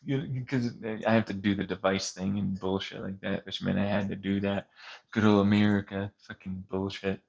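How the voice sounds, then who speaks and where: A man's voice: low voice, normal speed, vocal fry, muffled recording. A man in a casual, rambling rant, swearing often and laughing between points. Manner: profane, laughing, animated ranting.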